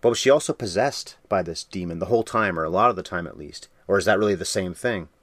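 Fast-talking man discussing a film. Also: low-pitched, fairly bright tone, no echo. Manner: quick, talkative, jokey asides. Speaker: podcast co-host.

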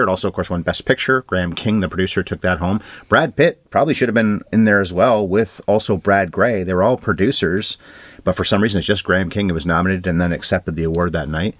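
A man co-hosting a film podcast, running briskly through award trivia and box office numbers with dry asides. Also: low-pitched, fairly bright tone, no room sound. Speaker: podcast co-host. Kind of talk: casual film review chat.

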